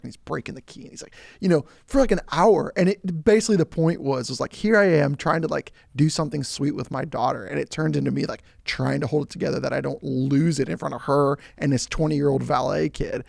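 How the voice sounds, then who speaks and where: Gravelly-voiced man in casual podcast chat. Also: on the high side, fairly quick, darkish tone, no room sound, studio quality. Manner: rambling, filler-heavy storytelling. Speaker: podcast co-host.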